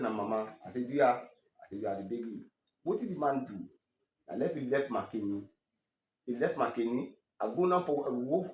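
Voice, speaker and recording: Man with a krio accent talking quick, stumbling and restarting, roomy echo around him. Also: medium pitch, a little hiss or hum. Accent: Sierra Leonean Krio. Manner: halting, stammering restarts, animated when quoting others. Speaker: interviewee telling his story. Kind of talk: emotional personal testimony.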